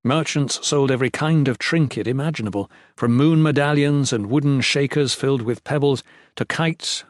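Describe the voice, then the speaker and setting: Steady and measured, a mid-range male narrator works through a fantasy audiobook. It's a dry, studio-quality recording.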